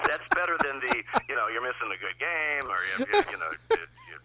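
A man's voice: fairly low pitch, sing-song, a little fast, bright, forceful tone, slight background noise, poor audio. An older man, a retired baseball umpire, telling easygoing stories as a guest in a casual interview. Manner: easygoing, anecdotal storyteller.

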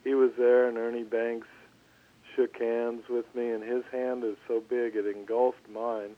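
An older man, a former pitcher, recalls his early career in an interview, talking in a relaxed, halting way with many restarts. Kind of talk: storytelling interview. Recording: tinny phone line.

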